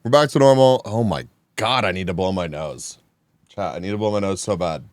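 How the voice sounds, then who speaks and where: A man streaming live, chatting casually with his viewers, animated and quick to laugh, sounding a bit groggy after a nap. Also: deep voice, no room sound, studio quality. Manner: animated, reactive, laughs often. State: groggy after just waking. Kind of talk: casual chat, reading chat live.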